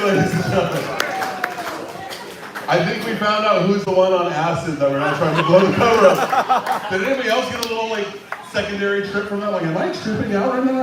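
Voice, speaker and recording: A man's voice: sits high, very noisy. A man hosting an open mic, bantering with the crowd, teasing hecklers and introducing the next comic. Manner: brash and teasing, swears at online hecklers. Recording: echoey club from far off, with a loud crowd.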